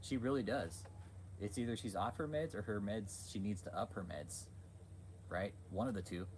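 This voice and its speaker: A man with a fairly low voice rants on a livestream in a heated, profane, sarcastic way. Faint hiss sits behind him. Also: moderate pace, darkish tone, poor audio. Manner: crude, heated, sarcastic, mocking impressions. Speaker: livestream host.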